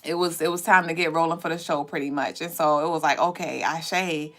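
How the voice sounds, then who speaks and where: A woman hosting a casual livestream, chatting with viewers and reading their comments. She talks in an animated way, laughs often, swears casually and sometimes breaks into high squeals. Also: fast. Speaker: livestream host.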